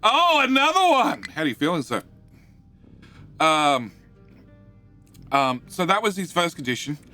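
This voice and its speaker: A man hosting a live game stream, chatting with viewers in a jokey, excitable way and often repeating his words. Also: a little high, unhurried, soft background music.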